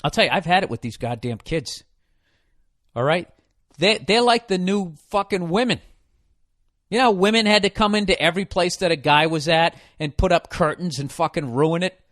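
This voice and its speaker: A man's voice: sits high, normal speed, fairly bright tone, no echo, clean studio sound. Man ranting profanely on his podcast. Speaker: podcast host. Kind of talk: comedic podcast rant. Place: hot room.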